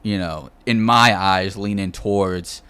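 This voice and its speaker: Low, smooth-voiced man hedging his views. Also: fairly even intonation, unhurried, sharp tone, no room sound. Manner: hedging, filler-heavy talk. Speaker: podcast host. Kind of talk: casual podcast chat.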